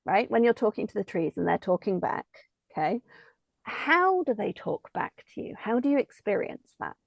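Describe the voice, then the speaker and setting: A woman's voice: medium pitch, sing-song, normal speed, creaky, no room sound. A woman host asking thoughtful, probing questions in a casual interview. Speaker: podcast host.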